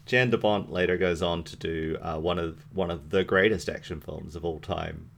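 Man, podcast co-host, lowish voice, casual film chat, enthusiastic, swears a lot. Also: steady tone, normal speed, gravelly, noisy background. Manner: enthusiastic, swears freely, trails off with fillers.

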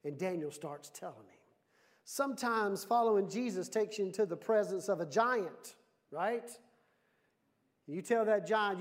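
At a normal speed, the pastor preaches in a high, bright voice with plenty of liveliness. He turns questions back on the congregation again and again, combining anecdotes with direct appeals.

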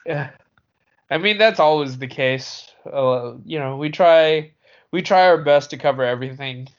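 A man co-hosting a podcast in casual chat, halting and full of fillers. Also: fairly high pitch, lo-fi sound. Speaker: podcast co-host.

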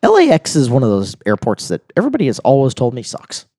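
A man's voice: mid-range voice, wildly swooping pitch, quick pace, warm tone, no echo. A man hosting a casual podcast chat, playful and jokey, laughing often. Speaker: podcast host.

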